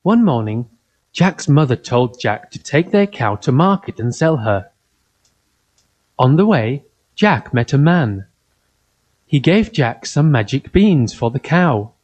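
A man reading a children's fairy tale aloud in simple, even, carefully spoken sentences. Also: mid-range voice, takes it slowly, long pauses. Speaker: storyteller.

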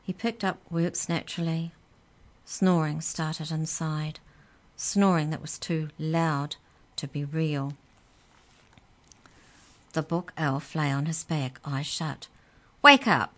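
A woman reading a children's story aloud in a calm, measured way. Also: sits low.

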